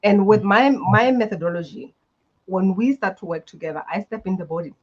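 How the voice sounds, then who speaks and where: A podcast guest who works as a healer, talking emphatically, with big swings in loudness. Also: medium pitch, fairly quick, muffled recording. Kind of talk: casual panel talk.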